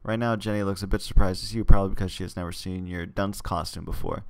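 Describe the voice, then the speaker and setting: Casual gamer narrator, low and a little gravelly, reads game text and ad-libs jokes. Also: male voice, steady tone, quick pace, darkish tone. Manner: casual, self-correcting, joking asides. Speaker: channel host reading a game aloud. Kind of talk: reading a text game aloud with asides.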